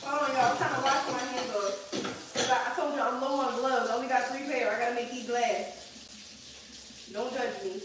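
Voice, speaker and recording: A woman's voice: sits high, fairly even intonation, brisk, echoey room, very noisy. A woman from the East Coast of the US, a hairstylist chatting casually on a livestream while she works, teasing her viewers and swearing freely. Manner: playful teasing, joking with the chat, swears freely. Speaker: hairstylist livestreaming a color removal. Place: salon suite.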